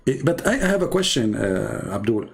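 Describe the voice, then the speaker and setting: A man's voice: mid-range voice, sing-song, moderate pace, gravelly, slightly rough. A man speaking in mocking, sarcastic commentary in non-native English, drawing on screen as he talks.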